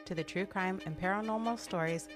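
A woman's voice: mid-range voice, a little fast, over loud music. A woman from the Baltimore area hosting a podcast, giving the intro and chatting with her sisters in a dry, matter-of-fact way. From Baltimore, Maryland area. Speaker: podcast co-host. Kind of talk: podcast intro and casual chat.

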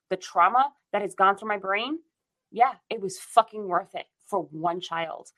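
A woman's voice: medium pitch, fairly bright tone, low-quality recording. A woman from the United States giving a fierce, repetitive rant with frequent swearing in a casual chat.

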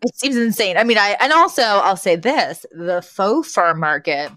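A woman co-hosting a casual recap podcast, talking in an animated way and laughing into her words. Her voice is at a middling pitch and sounds dry and close, with no room around it. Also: moderate pace, no echo. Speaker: podcast co-host.

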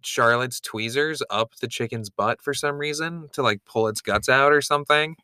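A man's voice: mid-range voice, moderate pace, sharp tone, smooth, dry recording. A man co-hosting a podcast, chatting casually and rambling with lots of fillers and restarts. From United States. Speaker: podcast co-host. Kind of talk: casual recap chat.

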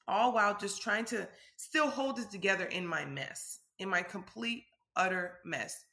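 Bright-voiced woman telling a personal story. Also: mid-range voice, a little slow, few pauses, roomy sound. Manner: open and conversational, frequent "like" fillers. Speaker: vlogger.

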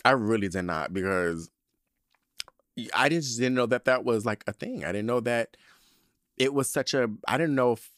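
A man's voice: mid-range voice, normal speed, long pauses, no room sound, clean studio sound. A man in his thirties hosting a podcast, telling a story in a sassy, campy way with lots of swearing. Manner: sassy, animated, campy drag-queen banter with swearing. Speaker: podcast host. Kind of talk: casual storytelling monologue.

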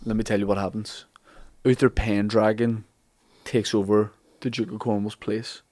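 A man retelling an old legend as comic chat, acting out the characters' lines in animated bursts. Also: lowish voice, normal speed, no room sound. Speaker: podcast host telling a legend.

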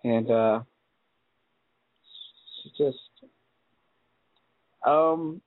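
Hesitant eighteen-year-old caller on a tinny line. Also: male voice, mid-range voice, no echo. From California. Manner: hesitant, halting, many ums. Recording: tinny phone-line call.

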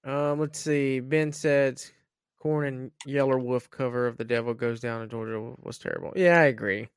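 A man's voice: medium pitch, steady tone, moderate pace, smooth, dry recording, clean studio sound. A man co-hosting a podcast, talking in a laid-back, offhand way. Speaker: podcast co-host. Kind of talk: casual chat.

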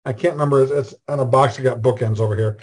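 A man hosting a casual group call, rambling and halting with many fillers. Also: medium pitch, steady tone, darkish tone, slightly rough. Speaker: host.

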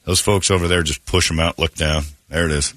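A man's voice: low-pitched, fairly even intonation, a little fast, background noise. A man hosting a comedy talk show, telling crude, exaggerated stories and putting on mocking voices. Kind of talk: comedic banter.

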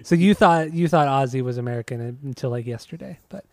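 A man's voice: mid-range voice, quick pace, darkish tone, no room sound, studio quality. Easygoing man steering a podcast chat. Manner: easygoing, keeps the talk moving. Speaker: podcast host. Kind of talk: casual chat.

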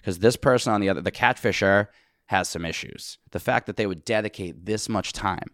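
A man's voice: lowish voice, fairly quick, a bit bright, no echo, clean studio sound. A man co-hosting a podcast, telling stories in a wry, joking way. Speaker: podcast co-host. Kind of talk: casual chat.

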